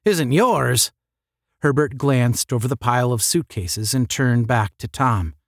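A man reading a 1950s space-adventure novel aloud as narrator, with measured storytelling. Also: medium pitch, dry recording, clean studio sound.

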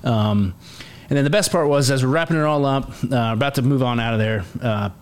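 A man in his forties, an army command sergeant major, tells a war story as a guest in a casual podcast interview. His medium-pitched voice is brisk, clear, and resonant, and he's animated, acting out quotes with many fillers and restarts.

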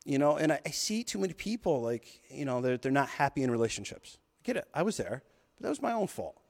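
A man's voice: mid-range voice, sing-song, quick pace, creaky. Profane fired-up man, echoey hall. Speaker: podcast host. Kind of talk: motivational monologue. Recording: long hall reverb.

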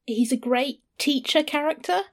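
A woman, co-hosting a casual book discussion in an enthusiastic, expressive way. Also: sits high, moderate pace.

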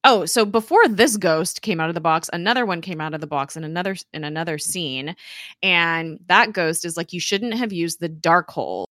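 Woman, casual episode recap, chatty, lots of fillers, bright tone, dry close sound. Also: lowish voice, a little fast, dry recording. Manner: chatty, filler-heavy, laughs often. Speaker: podcast co-host.

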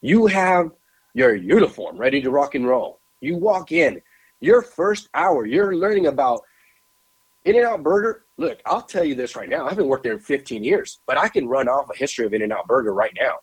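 A man co-hosting a podcast, telling a lively story with emphatic repetition into a studio mic. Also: mid-range voice, normal speed, breathy edge, poor audio. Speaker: podcast co-host. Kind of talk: animated storytelling chat.

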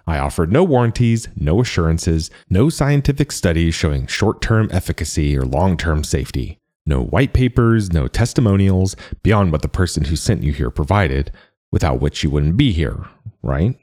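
A man voicing a brisk, wry older blind man who sells pills, often repeating his words. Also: deep voice, sing-song, darkish tone. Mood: formal.

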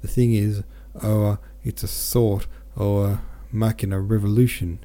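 A man doing a slow, stubborn young labourer with a thick country drawl. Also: on the low side, level tone, mellow, lightly acted. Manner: slow, drawling dialect speech.

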